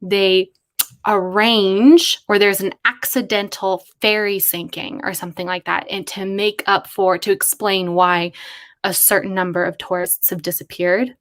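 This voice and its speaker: A young adult woman chatting casually on a livestream, thinking aloud in a musing, excitable way as she brainstorms. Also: mid-range voice, a little slow. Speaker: streamer.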